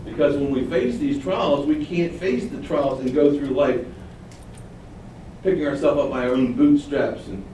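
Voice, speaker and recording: A man preaching a sermon, animated, acting out quoted lines with sudden rises. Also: mid-range voice, a little slow. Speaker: pastor. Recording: very echoey room, distant mic, faint noise.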